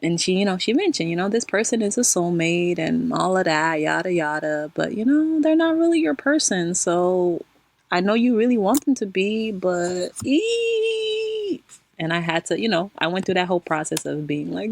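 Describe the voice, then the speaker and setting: Expressive woman telling a spiritual story. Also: lowish voice, moderate pace, creaky, no echo. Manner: expressive, addresses listeners as y'all, laughs often. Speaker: spiritual channel host. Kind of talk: casual personal storytelling.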